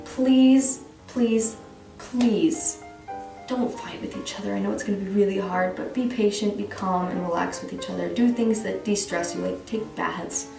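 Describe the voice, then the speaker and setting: A woman's voice: mid-range voice, fairly even intonation, fairly quick, gravelly, hardly any pauses, a little mellow. A young woman giving advice in a chatty, rambling, self-deprecating vlog. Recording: roomy room, distant mic, faint music.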